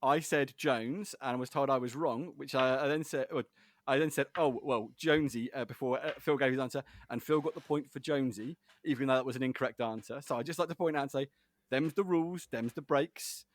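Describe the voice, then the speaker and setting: A man's voice: mid-range voice, a little fast. A man hosting a casual podcast quiz, chatty and giggly, rambling with fillers. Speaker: podcast host, quizmaster.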